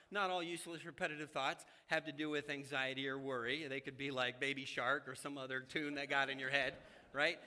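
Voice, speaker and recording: Male preacher, fairly high bright voice, lively sermon delivery, church hall echo. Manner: conversational, animated, addresses congregation directly. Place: church sanctuary.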